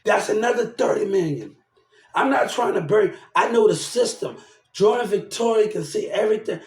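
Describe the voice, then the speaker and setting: Heated young man with a high voice. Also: lively intonation, normal speed, roomy sound. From New Orleans, Louisiana. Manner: rambling, heated, swears often. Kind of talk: casual ranting monologue.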